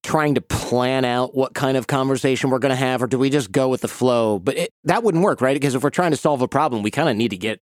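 A man's voice: medium pitch, quick pace, few pauses. A podcast host tells personal stories in a loose, rambling way, stringing thoughts together with "like" and "you know". His voice sits in a mid register, recorded dry and close with no room echo. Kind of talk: casual interview chat.

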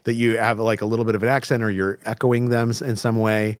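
A man's voice: fairly low pitch, little pitch movement, quick pace, no echo, clean studio sound. A man from the American Southwest, a guest expert explaining communication research in a conversational interview, with frequent "like" and "right?". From Albuquerque, New Mexico, US.

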